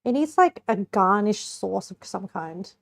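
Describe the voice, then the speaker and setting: A woman's voice: mid-range voice, expressive, unhurried, gravelly. A young woman streamer chatting casually to her viewers while cooking and tasting a pie, giggling now and then. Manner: chatty, giggly, talks to chat while eating.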